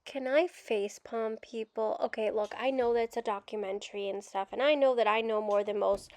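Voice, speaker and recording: High-voiced ranting woman adoptee. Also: fairly even intonation, normal speed, a little mellow, dry recording. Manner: frustrated, ranting, swears openly. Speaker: adoptee commentator. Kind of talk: reaction rant video.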